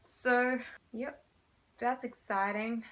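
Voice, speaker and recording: A woman's voice: a little high, slow. Chatty young woman gushing over books. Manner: chatty and rambling, gushing with excitement. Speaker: book vlogger. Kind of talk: casual book haul chat. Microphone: phone camera.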